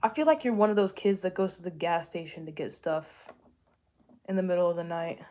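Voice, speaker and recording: A woman's voice: fairly low pitch, brisk, a little mellow. A young woman from the United States chatting casually with viewers, rambling and correcting herself, with frequent jokes. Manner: rambling, self-correcting, jokey, with laughs. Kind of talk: casual chat answering viewers.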